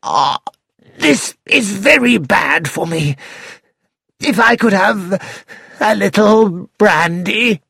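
A man's voice: high-pitched, lively intonation, slow pace, vocal fry, pauses often, pushed and bright, breathy edge, no echo, clean studio sound, voice pushed up, full character voice. A man voicing a weak, self-pitying elderly man in a read-aloud story. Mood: groaning. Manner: feeble, whining, peevish.

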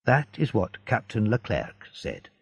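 A man's voice: lowish voice, wildly swooping pitch, a little slow, creaky, husky, no room sound, dull audio, full character voice. A man voicing an honest, anxious young sailor who speaks earnestly and pleads.

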